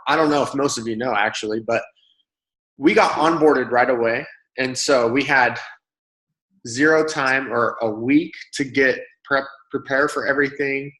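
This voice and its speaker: A man speaking as a guest, telling stories in a casual, animated way and acting out other people's lines. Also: medium pitch. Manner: animated, acts out quoted voices. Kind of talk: casual storytelling. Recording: roomy echo.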